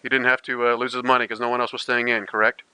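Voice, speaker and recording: A man's voice: medium pitch, flat delivery, very fast, sharp tone, clean tone, no echo, low-quality recording. A man narrating as game master of a tabletop role-playing game, describing what the characters do. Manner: describes actions, voices many characters.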